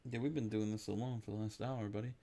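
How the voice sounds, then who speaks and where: A man's voice: fairly low pitch, fairly even intonation, fast, warm tone. Crude, laid-back male co-host. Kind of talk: casual game stream chat.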